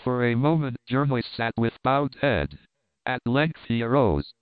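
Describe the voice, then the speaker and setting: A man reading an adventure novel aloud in steady, measured narration. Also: medium pitch, no room sound. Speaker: audiobook narrator. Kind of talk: scripted narration. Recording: crisp, dry, phone-like narrow sound.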